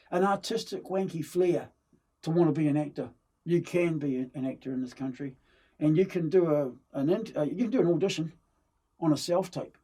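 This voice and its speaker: Husky New man telling anecdotes. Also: a little high, mellow. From New Zealand. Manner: rambling anecdotes with many fillers and restarts. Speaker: actor and film-maker guest. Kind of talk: casual interview chat, storytelling.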